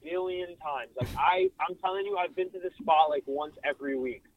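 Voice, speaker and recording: A young man telling a story in a casual interview, animated and full of fillers, calling in over a breaking-up phone line. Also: fairly high pitch, moderate pace, dry recording. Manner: animated, filler-heavy, swearing. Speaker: car photographer guest. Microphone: phone call, breaking up. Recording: dry thin phone line.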